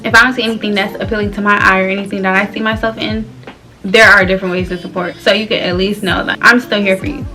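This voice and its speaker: A woman's voice: mid-range voice, little pitch movement, quick pace, pushed and bright, soft background music. A young woman in her twenties from Florida, talking candidly and loosely with slang and frequent laughs while doing her hair for a vlog. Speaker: vlogger.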